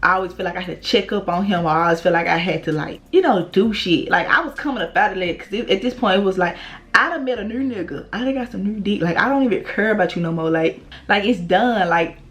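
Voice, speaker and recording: A woman's voice: mid-range voice, fast, a bit bright. A young woman vlogger, telling a blunt, profane story in casual storytime style.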